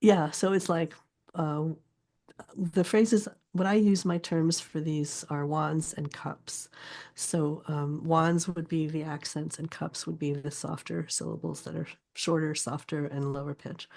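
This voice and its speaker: An older woman, a poet and teacher, explaining her subject in a casual interview, thoughtful and often pausing to search for words. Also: sits low, level tone, creaky, a little mellow.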